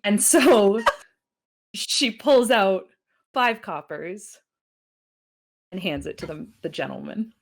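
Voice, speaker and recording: A woman's voice: mid-range voice, animated, takes it slowly, gravelly, pauses often. Woman player, everyday mid voice, casual rambling. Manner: casual, hesitant, filler-heavy. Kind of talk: playing a tabletop game.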